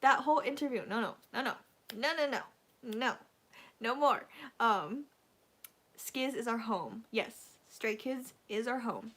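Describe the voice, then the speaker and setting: A woman's voice: on the high side, expressive, a little slow, fairly bright tone. A young woman chatting on a casual fan livestream, rambling and gushing with lots of fillers, emotional and close to tears.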